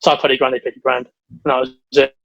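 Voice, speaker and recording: A man's voice: mid-range voice, vocal fry, dry recording, rough recording. A young man from England, co-hosting a podcast and telling long, rambling stories in casual chat. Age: young adult. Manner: rambling storyteller, quick and excitable. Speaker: podcast co-host.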